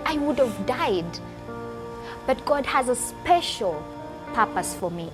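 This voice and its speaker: A woman's voice: on the high side, sing-song, slow pace, long pauses. A woman in her twenties, a guest telling her personal story in an earnest, emotional interview, with music underneath. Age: 20s. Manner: emotional, earnest, repeats phrases for emphasis.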